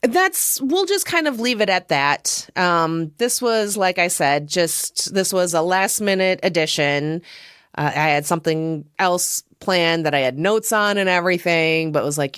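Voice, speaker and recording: A woman's voice: on the low side, animated, unhurried, a bit bright, clean tone, no echo, clean studio sound. A woman hosting her own podcast, giving a casual, rambling film review with frequent chuckles and self-deprecating asides. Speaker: podcast host.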